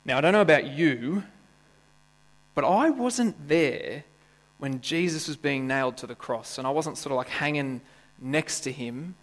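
A man preaching a sermon to his church congregation, conversational and playful, often asking the congregation questions and adding jokes. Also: a little high. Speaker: pastor. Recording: church hall with long reverb and mains hum.

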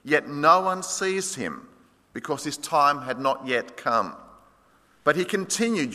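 A man preaching an expository sermon, storytelling with dramatic swings between loud and hushed delivery. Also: high-pitched, expressive, unhurried. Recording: long hall reverb.

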